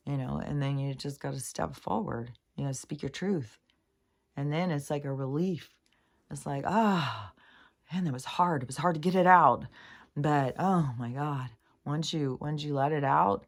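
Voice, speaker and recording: A middle-aged spiritual vlogger with a low, slightly mellow voice works through a meandering spiritual monologue. She's earnest yet casual, swearing and using lots of fillers.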